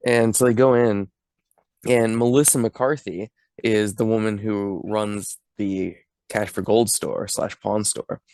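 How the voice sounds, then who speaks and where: A man's voice: lowish voice, flat delivery, takes it slowly, darkish tone, smooth, no room sound, clean studio sound. Laughing man recapping a film. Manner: laughs often, acts out quoted lines. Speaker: podcast co-host. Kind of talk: casual movie recap chat.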